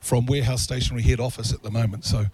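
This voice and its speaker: A man's voice: mid-range voice, little pitch movement, rapid-fire, a little mellow, a little hiss or hum. A man with a New Zealand accent hosting a live outside radio broadcast, chatty and joking, laughing often.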